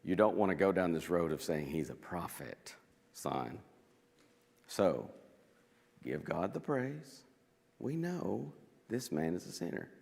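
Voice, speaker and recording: Animated man teaching Bible study. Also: deep voice, takes it slowly, vocal fry, pauses often, long reverb tail. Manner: animated, acting out scripture quotes with chuckles. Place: church.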